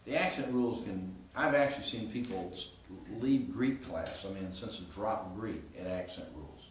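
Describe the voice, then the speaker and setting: A man lecturing a class in a relaxed, explanatory way, pitched a little low. He is heard from a distance in a very echoey room. A faint hiss sits under the recording. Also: normal speed. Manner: explanatory, informal, asks students questions. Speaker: Greek professor.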